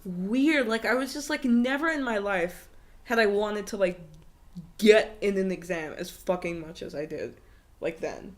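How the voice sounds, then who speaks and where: A woman's voice: mid-range voice, measured pace. A young woman co-hosting a podcast, in casual chat full of "like" fillers, giggles and swearing. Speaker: podcast co-host.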